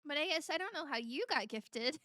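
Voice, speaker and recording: Giggly high-voiced woman streamer. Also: lively intonation, fairly quick, pushed and bright, no echo, clean studio sound. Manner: giggly, chatty, talks while eating. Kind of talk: casual chat with viewers.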